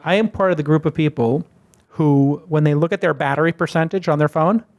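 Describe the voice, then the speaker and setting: A man's voice: on the high side, a little fast, vocal fry, a little mellow. A man hosting a podcast interview, chatty and self-mocking, telling stories in a casual way. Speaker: podcast host.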